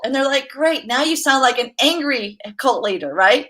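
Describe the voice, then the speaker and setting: Her voice high-pitched and moderately paced with barely any pauses, a woman who does massage therapy chats as a guest in a relaxed interview. She tells her stories with plenty of laughter, performing the quoted lines in character.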